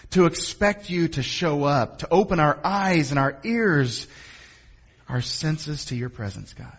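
Husky, earnest male pastor praying. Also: fairly high pitch, expressive, lo-fi sound. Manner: earnest, unhurried, softly prayerful. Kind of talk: sermon and pastoral prayer.

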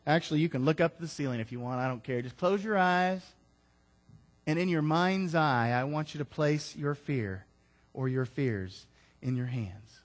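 A man preaching a sermon to his congregation, rising loud on key lines and dropping into casual asides to listeners. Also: on the high side, moderate pace. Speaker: pastor.

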